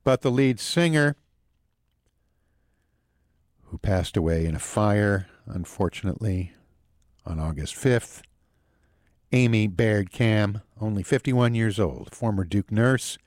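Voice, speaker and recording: A man's voice: on the low side, darkish tone, dry recording, clean studio sound. A man hosting a local news show and weather forecast, reading in a casual way with wry, jokey asides.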